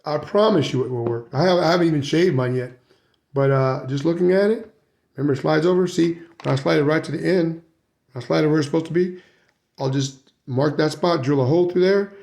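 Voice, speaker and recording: A man's voice: on the high side, brisk, vocal fry, darkish tone, reverberant. A man giving a casual hands-on how-to demonstration, chatty and often checking in with "right?" and "guys". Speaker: RC hobby video maker.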